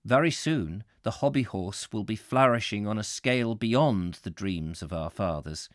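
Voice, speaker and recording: A man's voice: lowish voice, expressive, normal speed, dry recording, studio quality. A man hosting a live book reading, chatting between passages and laughing at his own slips over words. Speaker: host reading a book aloud. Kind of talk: live-streamed book reading with chat asides.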